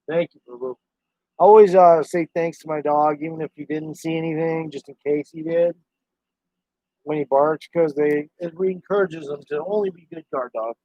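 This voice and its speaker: A man's voice: on the high side, mellow, no echo. A man chatting casually on a live stream, rambling to his viewers and his dog. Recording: dry, dull lo-fi sound.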